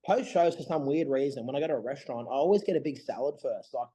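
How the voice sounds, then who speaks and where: A man co-hosting a casual podcast chat, an animated storyteller who acts out what people said. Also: mid-range voice, fast, breathy edge, low-quality recording. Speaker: bodybuilder and podcast co-host.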